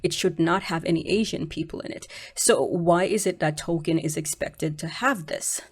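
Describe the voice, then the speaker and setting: A woman hosting her own video channel, speaking in a fairly low voice. She talks casually and frankly, circling her points with fillers, restarts and dismissive asides. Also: moderate pace, slightly rough. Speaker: channel host. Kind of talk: casual opinion commentary.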